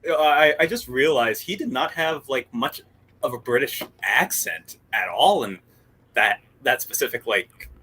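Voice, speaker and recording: A man who is a guest filmmaker in a casual film chat, eager and quick to agree. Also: mid-range voice, lively intonation, bright, forceful tone, husky.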